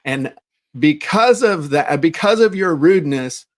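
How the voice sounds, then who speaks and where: A man's voice: a little high, animated, measured pace. A middle-aged man co-hosting a podcast in casual chat, telling stories animatedly and acting out quoted lines. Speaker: podcast co-host.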